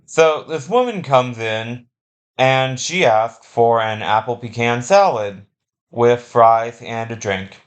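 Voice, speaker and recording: A man's voice: mid-range voice, slow pace. Sarcastic young man telling crude stories. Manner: crude, sarcastic, deadpan asides. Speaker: comedy storyteller. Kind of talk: comic storytelling with acted customer voices.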